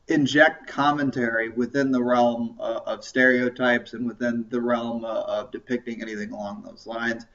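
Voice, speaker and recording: A man co-hosting a casual podcast discussion, talking hesitantly with many restarts and rambling asides. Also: medium pitch. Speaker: podcast co-host. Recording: distant lo-fi home recording.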